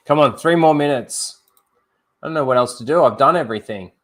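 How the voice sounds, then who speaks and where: A man hosting a casual live stream, swearing a lot and joking around with a lively delivery. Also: mid-range voice, brisk. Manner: profane, jokey, animated. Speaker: streamer host.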